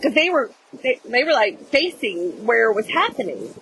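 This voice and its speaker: High-voiced lady telling a wild story, super animated, faint hum in the background. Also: moderate pace, poor audio. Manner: animated, addresses viewers as "y'all", acts out shouting. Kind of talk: casual storytime chat.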